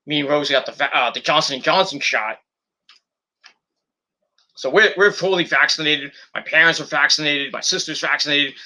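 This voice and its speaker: A man's voice: fairly high pitch, normal speed, sharp tone. A man hosting a podcast in a casual, rambling monologue, blunt and profane, full of fillers, talking from home at night. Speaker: podcast host.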